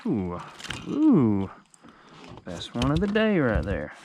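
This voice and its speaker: A man's voice: mid-range voice, slow pace, dull audio, background noise. A man narrating his kayak fishing trip on a lake in a casual vlog, sometimes out of breath. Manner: excited outbursts when catching fish. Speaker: fishing vlogger.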